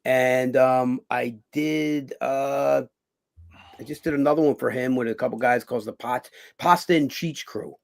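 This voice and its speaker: A middle-aged man with a gravelly, creaky voice, talking as an interview guest. He rambles through his stories full of fillers, restarts and casual swearing, at a middle pitch. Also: fairly even intonation, measured pace. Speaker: guest, actor and former boxer.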